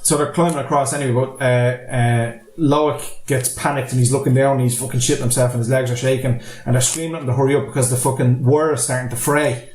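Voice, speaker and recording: A man's voice: mid-range voice, steady tone, fast, hardly any pauses, darkish tone, echoey room, a little hiss or hum. Sweary Irish man recapping a film. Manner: sweary, rambling, laughing recap. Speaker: podcast host. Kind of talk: casual podcast movie recap.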